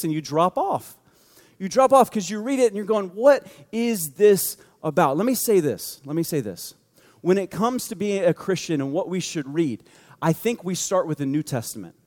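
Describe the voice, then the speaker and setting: Pastor guy preaching, high voice, chatty, does little voices for people in his stories, big hall echo. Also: animated, fairly quick, a little mellow. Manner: conversational, acts out quoted voices. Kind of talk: sermon.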